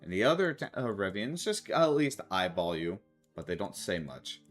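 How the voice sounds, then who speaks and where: A man narrating a tabletop game as game master, loose and halting with frequent fillers. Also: low-pitched, big pitch swings, soft background music. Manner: loose, halting, laughing between lines.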